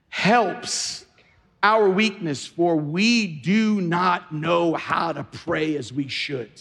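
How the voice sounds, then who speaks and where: This man's voice sits high and slightly rough, carrying the sound of a big room. He is a pastor delivering a sermon, narrating a story with quotations and climbing toward fervent exhortation.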